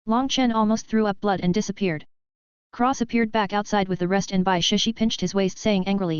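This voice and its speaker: A woman giving steady, scripted narration of a web novel as an audiobook narrator. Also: medium pitch, fairly quick, clear, resonant tone, no echo. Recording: dry, slightly dull lo-fi recording.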